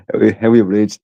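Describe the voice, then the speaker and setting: A man's voice: on the low side, a little mellow, slightly rough. A tired Irish man chatting casually on a livestream, rambling and swearing freely. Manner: rambling and profane. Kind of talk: casual chat.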